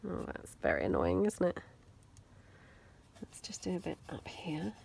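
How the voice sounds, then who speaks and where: Her voice sits fairly low and swoops wildly in pitch, unhurried, creaky and a little mellow, with slight background noise. She's a British woman hosting a laid-back mixed media craft video, musing aloud and teasing herself as she works.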